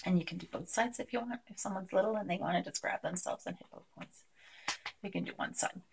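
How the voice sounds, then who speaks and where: A woman presenting a live workshop, talking through a technique with many pauses and fillers. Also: medium pitch, gravelly, slight background noise. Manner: hesitant, filler-heavy, demonstrates by voicing a client. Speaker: clinician presenting a tapping technique.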